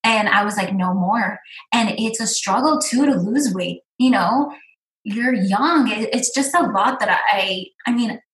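A woman's voice: on the high side, unhurried, a bit bright. A woman chatting earnestly as an interview guest, rambling with many fillers. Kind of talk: casual interview chat. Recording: roomy echo.

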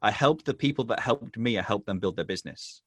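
A man's voice: lowish voice, fairly bright tone, slightly rough. A man from England with an English accent, a business owner talking earnestly as an interview guest, often restarting his sentences. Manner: halting, many restarts and "um"s, earnest. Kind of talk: casual interview chat.

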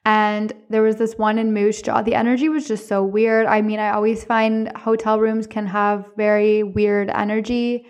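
A woman hosting a podcast, telling personal stories in a casual, expressive way with frequent laughter. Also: medium pitch, normal speed, hardly any pauses. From Canada. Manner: expressive, chatty, laughs often; speaks candidly, with some swearing. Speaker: podcast host.

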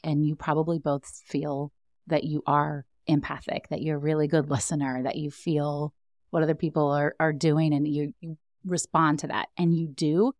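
Woman, very low voice, animated coach, acts out quotes, dry close sound. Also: no room sound. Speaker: success coach guest. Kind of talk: podcast conversation, explaining.

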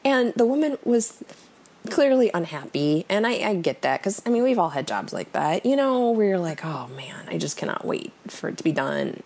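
A woman's voice: on the high side, creaky. A woman co-hosting a podcast in casual chat, telling stories and laughing often. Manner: chatty storyteller, laughs often. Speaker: podcast co-host.

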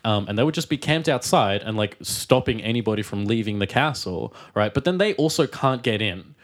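A man co-hosting a podcast in casual chat, explaining things plainly in a relaxed, dry way. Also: fairly low pitch, fairly quick. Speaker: podcast co-host.

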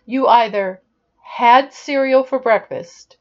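A woman leadership coach giving a podcast monologue, speaking in a deliberate, instructive way. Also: a little high, highs cut off.

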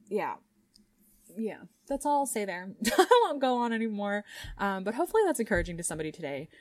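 A woman's voice: mid-range voice, no echo. Young woman, podcast host, casual heartfelt chatter, dry booth sound. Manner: chatty and heartfelt, with fillers and laughs. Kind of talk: casual solo podcast talk.

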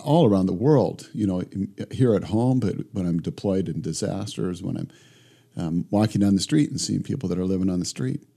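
A middle-aged man, a guest in a remote interview, telling stories in a lively conversational way and acting out both sides of his conversations. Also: lowish voice, breathy edge. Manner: animated storyteller who acts out both sides of conversations. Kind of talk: reflective conversational storytelling.

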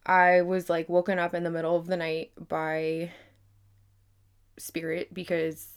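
Woman, podcast host, slightly low voice, casual rambling monologue, fillers and swearing, earnest and emphatic. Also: measured pace, smooth. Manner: earnest, grows emphatic and animated when making a point.

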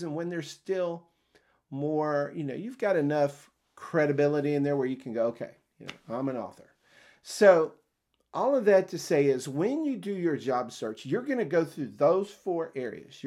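An older man hosting a career podcast, telling a story in a casual, animated way, acting out quoted conversations and chuckling often. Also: a little high. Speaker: podcast host and career coach.

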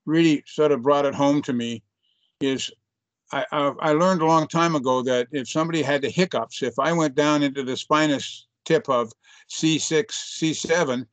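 A man's voice: fairly high pitch, normal speed, no echo. An older man, a chiropractor, telling a story in an interview in an earnest, reflective way, often restarting his sentences. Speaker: chiropractor guest.

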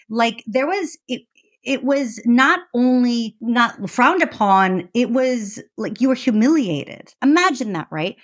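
A woman's voice: on the high side, takes it slowly, no echo. Chatty woman, dry close sound. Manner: animated, chatty, heavy use of fillers. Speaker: podcast guest, author. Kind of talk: casual conversational interview.

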